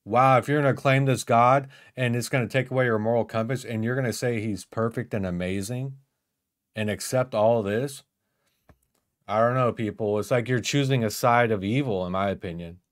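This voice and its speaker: A man's voice: medium pitch, moderate pace. A man hosting an online panel discussion, talking bluntly and rambling with many fillers. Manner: blunt, rambling, lots of "like" and "you know what I mean".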